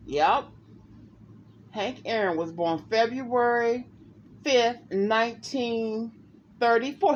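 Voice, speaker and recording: A woman's voice: a little high, slow pace, muffled recording, slight background noise. A woman psychic reader talking casually and emphatically to her viewers in a vlog, often addressing them directly. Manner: emphatic, animated, talks to viewers as "y'all".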